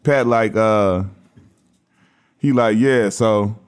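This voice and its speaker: A man's voice: fairly low pitch, very slow, clear, resonant tone. A man from Los Angeles, a podcast guest, telling casual stories and acting out the voices of the people in them with a lot of laughter. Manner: animated storyteller who acts out quoted voices, laughing often. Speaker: podcast guest, former basketball player. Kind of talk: casual storytelling chat.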